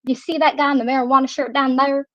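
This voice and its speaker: Picture a pushy thirteen-year-old boy from the backwoods, his Arkansas drawl laid on thick and mocking, as a woman puts him on in the middle of her story. The voice sits a touch high, and the sound is dull and dry. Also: level tone, fast talker, no room sound, natural voice. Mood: teasing.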